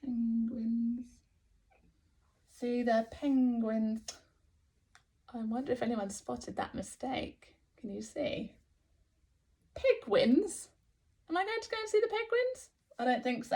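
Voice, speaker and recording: A woman with an English accent teaching phonics to young children, sounding out letters slowly and praising often. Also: on the high side, darkish tone. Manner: slow, sounding out letters, encouraging. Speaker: early years teacher.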